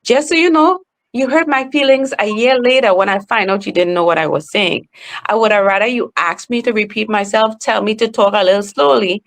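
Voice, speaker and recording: A woman with a Trinidadian accent, a guest on a podcast, talking slowly and emphatically in a casual interview. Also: medium pitch. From Trinidad and Tobago. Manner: animated, emphatic, talks slowly. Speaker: podcast guest, professional speaker.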